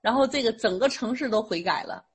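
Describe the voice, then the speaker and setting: Husky woman interpreting a preacher line by line, steady, a few ums. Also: fairly high pitch, fast. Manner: steady, rephrases with small fillers. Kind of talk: consecutive sermon interpreting.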